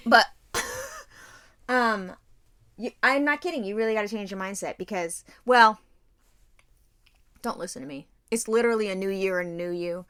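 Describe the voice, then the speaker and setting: Podcast co-host, woman, slightly high voice, blunt, animated, laughs a lot. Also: measured pace, pauses often. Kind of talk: casual chat.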